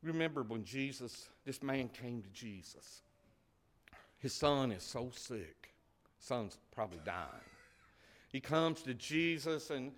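A man preaches, his voice bright and forceful at mid pitch. He presses his points with rising volume, then drops back to soft, hushed asides. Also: lively intonation, unhurried. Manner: impassioned, swinging from loud emphasis to quiet murmurs. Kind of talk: sermon.

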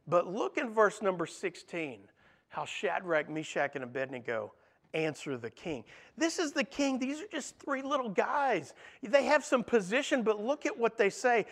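A man preaching a sermon in a high voice for a man. He talks earnestly and often asks his listeners rhetorical questions. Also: sing-song, normal speed.

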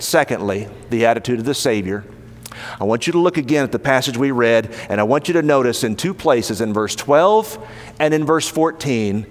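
Emphatic male preacher in a big hall. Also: on the high side. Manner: emphatic, rising to stress points. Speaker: pastor. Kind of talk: sermon. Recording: long hall reverb.

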